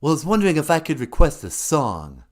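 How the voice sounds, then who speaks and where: A man's voice: a little high, wildly swooping pitch, fast. A man playing an adult male rock star who calls in to a live-stream podcast as an eager, adoring fan. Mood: gushing. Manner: gushing, eager. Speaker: caller.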